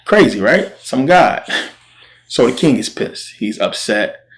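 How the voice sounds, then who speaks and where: A man's voice: medium pitch, animated, slow. A man hosting his channel, retelling a Bible story in a slangy, conversational way. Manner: slangy, conversational, acts out quotes. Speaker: channel host.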